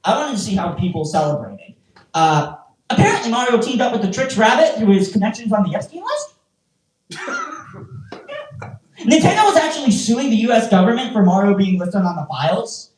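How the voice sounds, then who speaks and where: A stand-up comedian doing a rambling, self-mocking set with crowd work, full of stammered restarts and sudden loud mocking outbursts. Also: mid-range voice, lively intonation, fast talker. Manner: bursts into loud mocking shouts. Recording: roomy, voice picked up from a distance.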